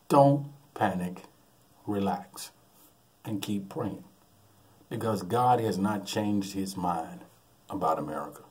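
A man preaching in a lively storytelling way, chuckling between his lines. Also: deep voice. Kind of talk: sermon with a humorous anecdote.

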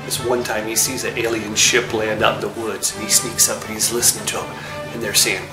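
A man's voice: lowish voice, level tone, brisk, echoey room, music in the background. A man hosting a casual talk show, retelling comic book jokes in a chatty storyteller's way. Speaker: host.

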